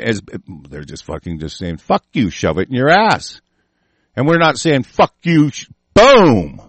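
A man's voice: a little high, vocal fry, no echo. A man reading news aloud and breaking into furious, profane political rants. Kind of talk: angry ranting commentary.

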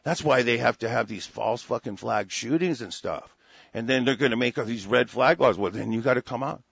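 A man's voice: mid-range voice, brisk, vocal fry, a bit bright, breathy edge, no room sound. A man delivering an angry, heated monologue, full of profanity and restarted phrases. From United States. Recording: dry, dull lo-fi recording.

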